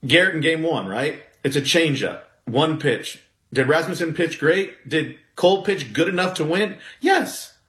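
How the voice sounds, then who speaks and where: A man, a former pitcher, talking baseball in a blunt, animated way that rises into exasperated outbursts. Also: normal speed. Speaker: former pitcher, podcast guest. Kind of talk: casual sports talk. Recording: roomy echo.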